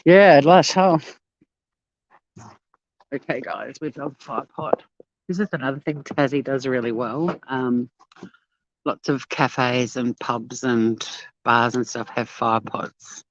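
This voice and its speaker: With a bass voice, a slow pace and long pauses, an Australian woman chats casually with live-stream viewers at a beachside cafe. She's bubbly and talkative, talking to chat while walking, captured on dull lo-fi phone audio.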